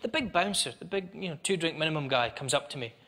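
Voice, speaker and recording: A Scottish man doing a stand-up comedy set, animated and chatty as he tells stories to a live audience. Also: a little high, quick pace. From Scotland. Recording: live show with audience laughter.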